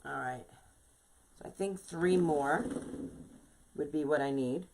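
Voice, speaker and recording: A woman's voice: sits low, slow pace, gravelly, background noise. A woman with a New York accent hosting a casual live craft tutorial, chatting with viewers and dotting her talk with "you know". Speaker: craft shop owner hosting a live wreath-making stream.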